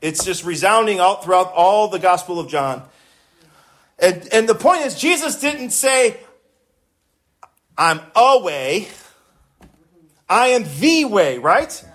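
A man's voice: high voice, lively intonation, takes it slowly, pauses often, a bit bright. A man preaching a sermon, emphatic and impassioned, repeating words for stress and swelling when he quotes scripture. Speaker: pastor.

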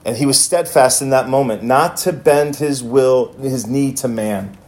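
A man's voice: medium pitch, unhurried, darkish tone. A male pastor telling a story in a sermon, with many restarts as he retells it.

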